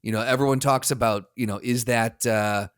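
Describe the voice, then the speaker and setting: A man's voice: mid-range voice, normal speed, clear, resonant tone, no echo, studio quality. Laid-back man asking what-if questions. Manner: relaxed, asks playful what-if questions. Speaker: podcast co-host. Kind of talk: casual chat.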